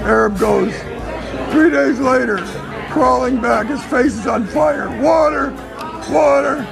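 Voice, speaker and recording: A man telling a string of dirty jokes in a deadpan talk-show manner, rattling through the punchlines. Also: very high-pitched, a little slow, vocal fry, music in the background, crowd noise.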